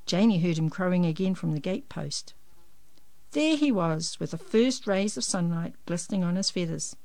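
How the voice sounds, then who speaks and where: A woman reading a children's picture book aloud in an expressive, lively storytelling manner. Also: lowish voice, dry recording.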